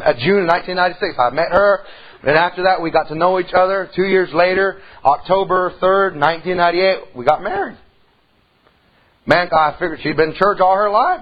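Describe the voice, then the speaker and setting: A man's voice: on the high side, breathy edge, highs cut off. A middle-aged man preaching a sermon in church, telling a folksy story and rising into emphatic calls to the congregation.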